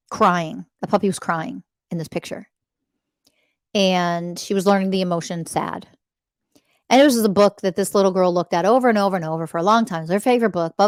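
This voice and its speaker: Intense low-voiced woman podcast host. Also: a little mellow, no room sound, clean studio sound. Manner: emphatic, intense, swears freely. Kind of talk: spiritual self-help monologue.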